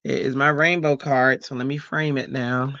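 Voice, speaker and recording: A man's voice: mid-range voice, normal speed, dry recording, dull audio. Chatty middle-aged man hosting a craft stream. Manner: chatty, laughs often, animated storytelling. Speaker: crafting livestream host. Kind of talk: casual livestream chat.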